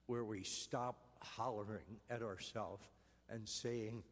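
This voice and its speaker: A man, a priest, giving an earnest, gentle homily in a church. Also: fairly low pitch, steady tone, slow pace, in a large hall.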